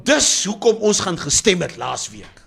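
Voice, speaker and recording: A man's voice: sits high, sing-song, normal speed, vocal fry, crowd noise. A man co-hosting a radio show, telling stories animatedly, laughing, and mixing Afrikaans with English on a studio mic. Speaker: radio co-host. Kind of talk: casual radio chat, storytelling.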